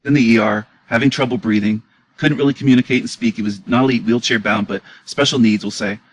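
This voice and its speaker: A man's voice: mid-range voice, steady tone, quick pace, no room sound, low-quality recording. A man giving an indignant, emotional reaction commentary on clips, repeating his questions as he argues.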